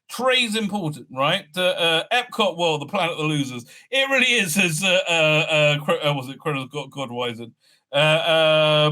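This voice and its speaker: A man's voice: fairly high pitch, bright, forceful tone. A man hosting a casual, sardonic episode recap, rambling with many fillers and restarts. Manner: sardonic, mocking. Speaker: host.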